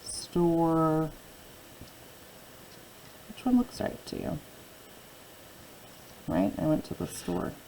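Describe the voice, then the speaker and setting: A woman with a low, gravelly voice takes a phonics spelling lesson slowly. She is patient and repeats every word several times. She asks the listener questions as she goes. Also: big pitch swings, dark tone, a little hiss or hum, rough recording. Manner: slow, patient, repeating words and asking questions. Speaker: teacher.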